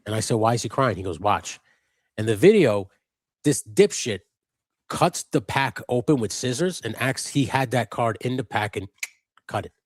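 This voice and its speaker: A man co-hosting a live stream, telling an animated, profanity-laced story in casual chat. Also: mid-range voice, moderate pace, dry recording, studio quality. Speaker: co-host of a live customizing stream.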